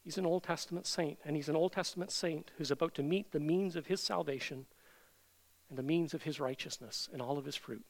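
A man preaching a sermon as pastor, emphatic, with many rhetorical questions and loud declarations. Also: on the high side, a little fast, poor audio.

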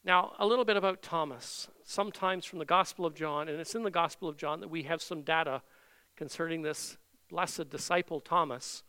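A man preaching an expository sermon, reading scripture aloud earnestly and slowing down to stress the quoted words. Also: fairly high pitch, fairly even intonation, bright, forceful tone, smooth.

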